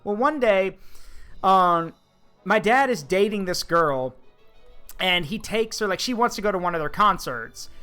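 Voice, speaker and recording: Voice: mid-range voice, sharp tone, clear, resonant tone. A streamer host in casual chat, telling a long story with lots of fillers and restarts. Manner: rambling, filler-heavy storytelling.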